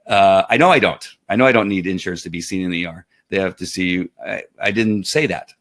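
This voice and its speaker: A man's voice: deep voice, fast talker, fairly bright tone. A man vlogging, telling a personal story in a rambling casual way with many asides. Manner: rambling, with frequent restarts and asides.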